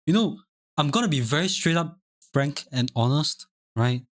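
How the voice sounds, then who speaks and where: A man's voice: fairly high pitch, expressive, moderate pace, no room sound, clean studio sound. A young man from Singapore chatting casually on a live stream, reading chat aloud, rambling and repeating himself. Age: young adult. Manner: rambling, repeats phrases, chuckles often.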